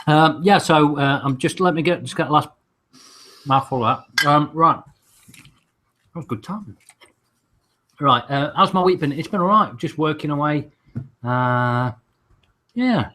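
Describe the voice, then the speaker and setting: A man's voice: mid-range voice, a bit bright, slight background noise. A British man co-hosting a casual podcast, laid-back and swearing freely. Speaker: podcast co-host. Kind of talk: casual chat.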